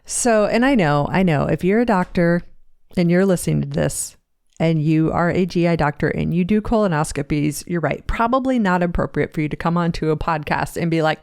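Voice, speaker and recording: A woman host talks candidly into a close microphone, mixing jokes with frequent fillers, restarts and stumbles. Her voice sits low for a woman and sounds dry and close. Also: moderate pace, gravelly, a little mellow, no echo. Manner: frank and joking, with many fillers and restarts. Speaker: podcast host and fitness coach. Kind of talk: candid personal podcast monologue. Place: seated at a home podcast desk. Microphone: studio microphone, seated.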